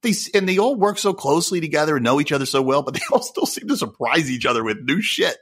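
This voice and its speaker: Animated, husky man chatting casually. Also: a little high, fast talker. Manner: rambling, animated, laughing storyteller. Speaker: podcast co-host. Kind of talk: casual chat.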